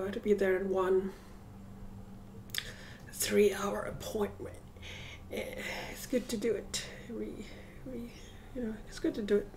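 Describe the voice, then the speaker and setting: A woman speaks at an unhurried, slow pace in a casual vlog, thinking aloud and circling back on her words. Her voice sits in a middle pitch and comes from a camera across a room at home, with a faint background hum. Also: darkish tone. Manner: reflective and rambling, with frequent hesitations. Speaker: vlogger. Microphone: camera set up across the room.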